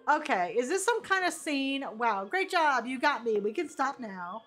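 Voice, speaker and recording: A woman streaming a live game playthrough, giggling and reading the dialogue aloud with quick reactions. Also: high voice, expressive, a bit bright, faint music behind.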